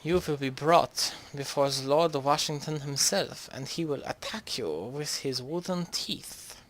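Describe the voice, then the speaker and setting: A man putting on a pompous, threatening older male scientist with a deliberately terrible mock German accent. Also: fairly high pitch, fairly bright tone, low-quality recording. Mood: mock menacing.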